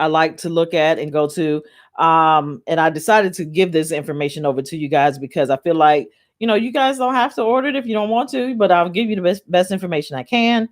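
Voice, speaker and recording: A woman talks straight to her listeners from home, chatty and excited. She often breaks into laughter and calls them "y'all." She sits at a middling pitch for a woman and teaches as she goes. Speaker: spiritual podcast host. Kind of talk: casual chat, reading aloud and teaching. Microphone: camera in her home.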